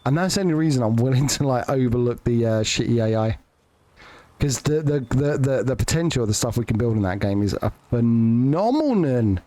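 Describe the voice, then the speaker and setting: A man's voice: mid-range voice, fast, warm tone, no room sound. A man live-streaming a farming game, chatting casually to viewers with jokes, swearing and lots of restarts. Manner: joking, sweary, rambling with restarts.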